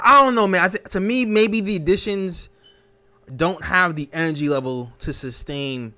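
A man hosting a casual sports talk show, animated and emphatic, tossing out questions as he thinks aloud. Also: mid-range voice. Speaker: host.

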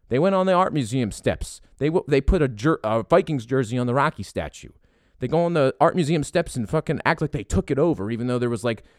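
Man, Philadelphia accent, profane, emphatic, lively pitch, dry recording. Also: no room sound. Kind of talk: opinion rant.

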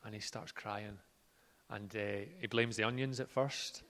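A man preaching a sermon in an earnest way, moving from quiet words to loud ones. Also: fairly low pitch, steady tone, a little slow. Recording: reverberant hall.

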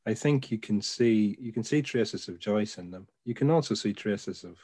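A man discussing poems in conversation and then reading a poem aloud in a measured way. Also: on the low side, dark tone. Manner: brief agreeing replies, reads aloud with measured phrasing.

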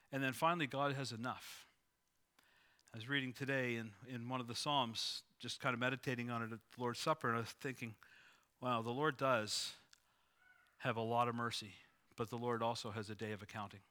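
A man's voice: mid-range voice, a little fast, pushed and bright. A middle-aged male pastor preaching a sermon in a conversational way, with restarts and repeated phrases.

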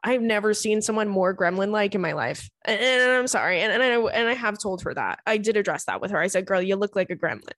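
A woman's voice: medium pitch, expressive, fast talker, few pauses, a bit bright, no echo. Chatty young woman podcast host, dry sound. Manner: chatty, swears freely, laughs through stories. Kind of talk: casual chat.

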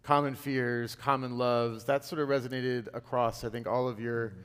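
A panel moderator and historian wrapping up a discussion, with many restarts and quiet murmurs of agreement. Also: medium pitch, level tone, normal speed, smooth. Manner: frequent murmured backchannels, warm hesitant restarts. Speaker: moderator and host of the series. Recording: long hall reverb.

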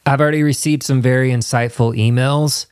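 A man's voice: medium pitch, steady tone, brisk, darkish tone, clean tone, no echo. A man hosting his own podcast, talking in an earnest, rambling, chatty way with a studio microphone. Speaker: podcast host. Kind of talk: casual solo intro then interview. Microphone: studio microphone with headphones.

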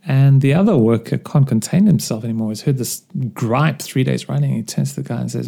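Guy rambling thru his own podcast, mellow gravelly voice, lots of ums. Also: medium pitch, a little fast, few pauses. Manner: rambling, self-deprecating, many fillers. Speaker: podcast host. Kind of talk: casual solo podcast monologue.

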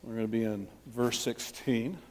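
Chatty pastor in an echoing church. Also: male voice, medium pitch, fairly even intonation, moderate pace, darkish tone. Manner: self-deprecating, chatty, many restarts. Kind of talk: sermon.

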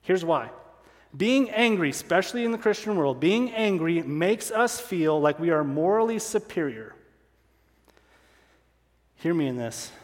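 A man's voice: high voice, lively intonation, unhurried, long pauses, big-room sound. A male pastor preaching a sermon, driving points home by repeating key lines and asking rhetorical questions.

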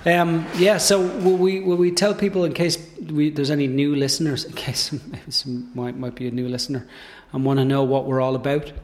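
A man's voice: a little high, steady tone, measured pace, a little hiss or hum. An Irish man co-hosting a podcast in a jokey, chatty way, laughing easily. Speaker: podcast co-host, wedding photographer. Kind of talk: casual chat. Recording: echoey room.

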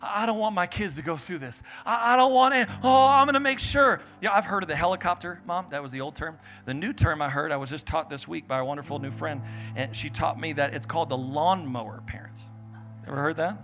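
A young man preaching an energetic sermon, acting out Bible figures and family members in quick voices. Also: fairly high pitch, soft background music.

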